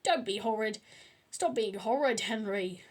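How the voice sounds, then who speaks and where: A woman voicing a stern mother who shouts at her sons. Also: mid-range voice, unhurried, lightly acted. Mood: scolding. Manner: scolding, shouting.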